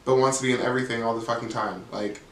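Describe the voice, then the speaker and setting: Talking very fast in a medium pitch with fairly even intonation and a fairly bright tone, a man tears through a reality show recap. He's sassy, blunt, and profane, stuffing his speech with "like." The recording is echoey, and he seems to sit some distance from the mic.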